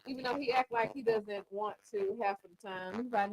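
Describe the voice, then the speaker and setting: A woman's voice: mid-range voice, a little fast, poor audio. A woman chef hosting a casual cooking show, chatting playfully and teasing her guests while she cooks. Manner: playful, teasing, Southern-style slang. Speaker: chef and podcast host.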